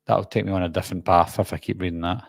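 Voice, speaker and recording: A man's voice: sits low, fairly even intonation, fast talker, creaky, no echo, studio quality. A Scottish man hosting a live-stream Q&A, chatting in a rambling, self-deprecating way. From Scotland. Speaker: horror channel host.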